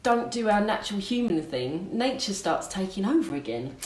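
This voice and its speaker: A woman's voice: mid-range voice, big pitch swings, normal speed, darkish tone. A woman co-hosting a live-streamed coffee morning from home, chatting in a bubbly, storytelling way. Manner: bubbly, laughs easily, storytelling. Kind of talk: casual chat. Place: home room. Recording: echoey room, faint background noise.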